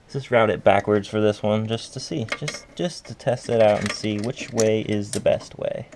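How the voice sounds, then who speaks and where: A man's voice: lowish voice, fairly even intonation, normal speed, noisy background. A man talking casually through a car part install, muttering to himself and swearing while he works under the car. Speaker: car DIY vlogger.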